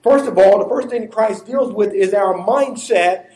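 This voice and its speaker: A man's voice: sits high, a little slow, darkish tone, roomy sound, rough recording. A man preaching a sermon to a congregation that answers back, stressing his words with emphatic inflection.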